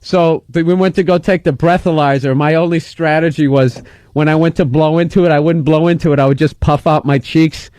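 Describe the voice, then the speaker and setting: A man's voice: a little high, fairly quick, no room sound. A man in his forties, a comedian guest on a radio show, telling a story in casual chat and acting out the people in it. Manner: animated, acts out the other people in his story. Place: radio studio.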